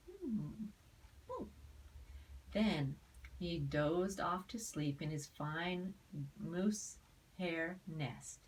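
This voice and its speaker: An older woman reading a rhyming picture book aloud, expressive, with asides to a child. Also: on the low side, drawn-out words, pauses often, recorded from a distance, poor audio. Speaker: storyteller.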